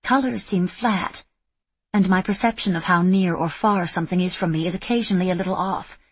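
Self-doubting young woman fighter, earnest, self-critical, husky, low-set, as a woman reads her. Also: brisk, no echo.

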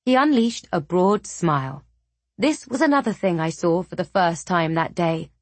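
A woman narrating a first-person novel in a measured, even audiobook reading. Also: lowish voice, dry recording.

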